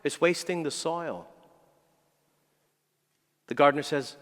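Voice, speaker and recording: A man's voice: on the high side, normal speed, a bit bright. A male priest giving a homily in an earnest preaching manner with emphatic rises. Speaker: parish priest. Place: large church. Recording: long church reverb.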